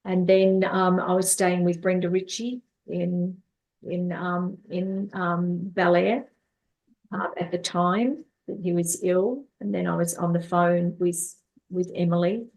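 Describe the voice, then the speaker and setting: Low-voiced woman telling a personal story. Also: little pitch movement, takes it slowly, darkish tone. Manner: repeats words, acts out quoted dialogue. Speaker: life coach and therapist guest. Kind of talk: storytelling in an interview.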